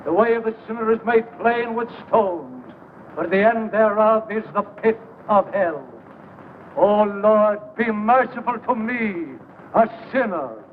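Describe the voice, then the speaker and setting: A man's voice: high voice, measured pace. An actor playing a pious man intoning a prayer for mercy, in 1940s film acting. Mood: solemn. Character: solemn praying man, pious and fervent. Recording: tinny hissy 1940s film soundtrack.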